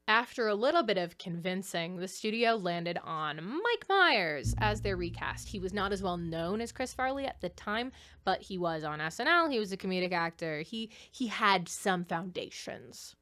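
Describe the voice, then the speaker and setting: A young woman hosting a casual commentary video essay, chatty and animated, laughing often. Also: mid-range voice, normal speed.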